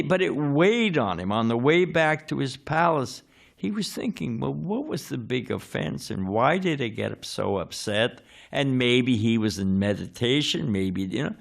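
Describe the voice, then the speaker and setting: Gravelly-voiced man giving a casual sermon. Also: medium pitch. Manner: conversational, asks the audience questions, searches for words. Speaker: swami giving a scripture class. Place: temple hall.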